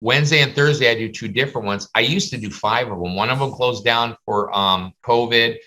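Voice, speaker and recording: A man's voice: medium pitch, brisk, bright, forceful tone. A man teaching a class over a video call, chatty and full of stories. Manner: chatty, storytelling, slips into comic voices. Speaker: face painting instructor.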